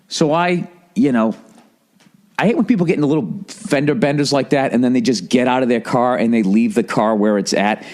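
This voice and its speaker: A man's voice: medium pitch, a little mellow. A male comedian and podcast host telling a story in a casual monologue, profane, ranting and incredulous.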